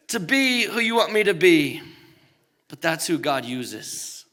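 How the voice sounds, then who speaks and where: A man who is a pastor delivering a sermon, animated and humorous, swinging between loud emphatic peaks and quiet low passages. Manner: animated preaching with humorous asides.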